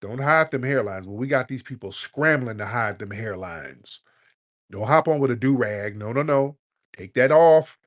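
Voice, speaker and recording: A man's voice: mid-range voice, lively intonation, moderate pace, a bit bright. Slangy, blunt man hosting late-night calls. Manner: loose, joking and blunt, slangy. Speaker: host of a live audio chat room. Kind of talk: casual late-night call-in chat.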